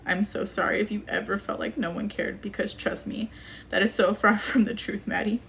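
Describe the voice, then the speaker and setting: A young woman reading a personal letter aloud to camera, halting and grieving, with frequent restarts. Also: medium pitch, fairly even intonation, creaky, fairly bright tone, slight background noise. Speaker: vlogger.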